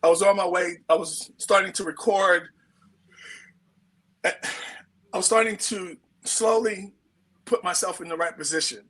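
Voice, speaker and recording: Animated New York man telling stories. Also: sits high, a little slow, pauses often, low-quality recording. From United States. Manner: slangy and animated, acts out quotes. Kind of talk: casual storytelling.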